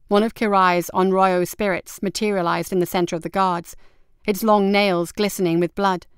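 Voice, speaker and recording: Woman narrator, storybook reading, measured, crisp clear tone, dry close mic. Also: fairly low pitch, a bit bright, no room sound. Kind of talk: scripted narration.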